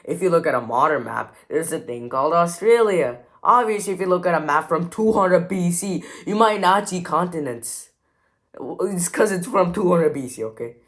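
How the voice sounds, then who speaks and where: A man's voice: sits high, expressive, moderate pace, a bit bright. A young man hosting a reaction video, mocking and exasperated, full of "like" fillers. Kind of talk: sarcastic reaction commentary.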